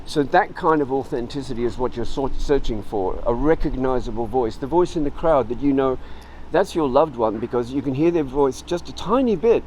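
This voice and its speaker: A middle-aged man gives a relaxed, informal writing tutorial, explaining word origins and acting out brief lines of example dialogue. His mid-range voice moves at normal speed, and the rough recording carries a little hiss or hum.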